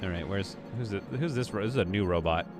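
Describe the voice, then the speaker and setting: A low-voiced man who talks fast hosts a casual live stream, chatting while he plays. He muses aloud and reads viewers' messages from the chat out loud.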